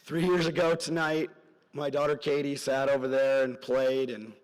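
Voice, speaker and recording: A middle-aged man giving a parent's graduation speech as a story, earnest and rambling, his voice dropping soft at emotional moments. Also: medium pitch, little pitch movement, normal speed, clear, resonant tone. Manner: earnest, rambling with side stories, voice drops soft at emotional points. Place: large hall at a graduation ceremony. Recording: long hall reverb from a large venue.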